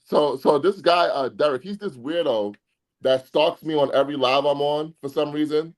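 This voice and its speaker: A man's voice: a little high, normal speed. A man hosting a boxing podcast in casual chat, blunt and exasperated, swearing at his co-host.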